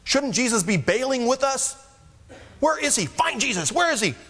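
Guy putting on scared fishermen in a storm, high frantic voices, long hall echo. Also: sing-song, moderate pace, husky, exaggerated voice. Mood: panicked. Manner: frantic, high-pitched shouting questions. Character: panicked men, fishermen disciples in a storm.

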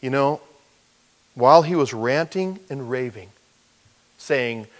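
Slowly and in a mid-range voice, a middle-aged pastor preaches to his congregation. He acts out the story's characters in an animated way, giving each a voice.

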